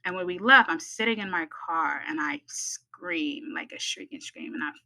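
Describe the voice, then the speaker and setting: On a podcast, a U.S. midwifery student recounts a personal story with animation, performing the quoted voices of the people in it. She speaks at normal speed in a lowish voice. The recording quality is low.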